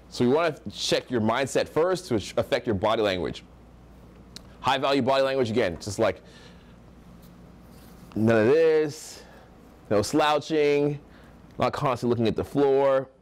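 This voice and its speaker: A man's voice: medium pitch, normal speed, long pauses. A young American man leads a live seminar on social skills, speaking in a mid-range voice that carries across the room. He talks with energy and makes his points by acting out how other people sound. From United States. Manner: energetic, projecting, acts out example voices.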